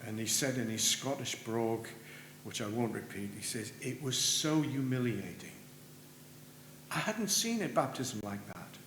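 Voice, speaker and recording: Man preaching, earnest, mid-pitched voice, roomy church sound, faint hum behind. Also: lively intonation, unhurried, fairly bright tone. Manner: earnest, rises in pitch and volume for emphasis, drops low at ends of phrases. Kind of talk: sermon. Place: church sanctuary.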